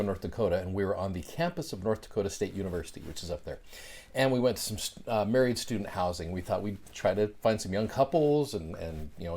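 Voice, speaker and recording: A middle-aged man tells a personal story as a show host, casual and animated, his fillers tumbling in as he goes. His voice sits a little low for a man. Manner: chatty, animated, many fillers. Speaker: podcast host.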